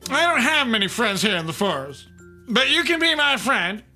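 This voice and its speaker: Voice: high-pitched, expressive, a little slow, vocal fry, sharp tone, faint music behind, pitched above the performer's own voice, exaggerated voice. A reader voicing a shy female jaguar with a cold, nasal and growling, in a children's storybook. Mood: sweet. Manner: sweet and sniffling.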